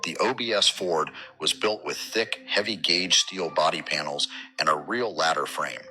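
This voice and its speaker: Male narrator, deep forceful voice, punchy scripted delivery over light music. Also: low-quality recording. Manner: measured, declarative, short punchy sentences.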